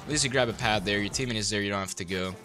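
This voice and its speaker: A man's voice: lowish voice, very fast, over music. A young man coaching a player through a game replay, blunt, sarcastic and full of swearing.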